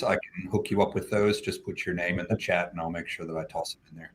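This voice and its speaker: A man with a very low, deep voice and an American accent speaks on a video call. He is a company founder who is a guest on a live chat. He explains things in an upbeat, joking way. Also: fairly even intonation, quick pace. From Australia. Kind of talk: casual livestream chat. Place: home, at night.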